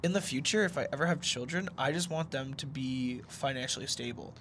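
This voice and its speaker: A man's voice: medium pitch, fairly quick, fairly bright tone, a little hiss or hum. A young man, telling rambling, slangy stories in a casual podcast chat. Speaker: podcast co-host.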